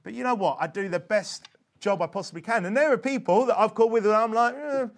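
A man's voice: sits high, fast talker. A man giving an informal religious teaching talk, earnest and emphatic, often checking in with "okay?" and restarting his phrases. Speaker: evangelism instructor.

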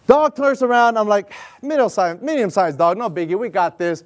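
A middle-aged man preaching a sermon, telling stories and acting out dialogue in an animated way. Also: high voice, fairly quick. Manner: animated, storytelling, acts out dialogue. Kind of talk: sermon with personal story.

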